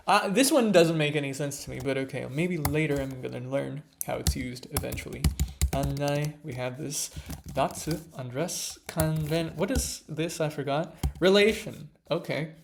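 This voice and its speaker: Gravelly slow-talking man muttering while studying. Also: a little high, background noise. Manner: muttering to himself, mostly soft with excited bursts. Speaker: language learner vlogger. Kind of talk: casual study commentary. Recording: loud keyboard typing behind.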